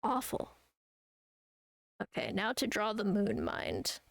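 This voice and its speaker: A woman's voice: mid-range voice, huge pitch swings, slow, vocal fry, no echo. A young woman streaming as an artist, chatting casually while drawing. She rambles, laughs often and swears freely.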